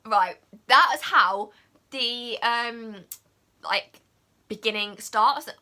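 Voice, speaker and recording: A woman's voice: fairly high pitch, very slow, bright, forceful tone. A young woman vlogger gushing through a casual film review, filling her talk with "like" and "oh my God". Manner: gushing, heavy use of "like" and "oh my God".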